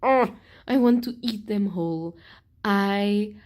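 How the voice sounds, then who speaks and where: A woman's voice: medium pitch, slow, a little mellow. A young woman book vlogger in a casual, emotional reaction vlog, gushing and swearing freely.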